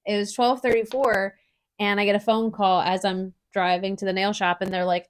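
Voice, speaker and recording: A woman's voice: medium pitch, level tone, normal speed. A woman co-hosting a casual podcast, talking bluntly and animatedly and swearing casually. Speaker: podcast co-host.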